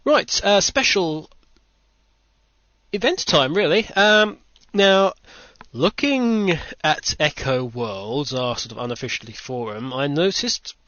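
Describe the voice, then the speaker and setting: A man's voice: a little high, animated, slow pace, a bit bright, dry recording. A British man hosting a podcast in casual chat, rambling with dry self-mocking asides. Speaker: podcast host. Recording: dull lo-fi home recording.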